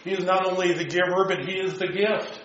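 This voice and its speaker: A man's voice: high-pitched, fairly even intonation, brisk, a bit bright, a little hiss or hum. A man leading a Bible study, teaching a group and putting rhetorical questions to them. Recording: dull echoey room recording.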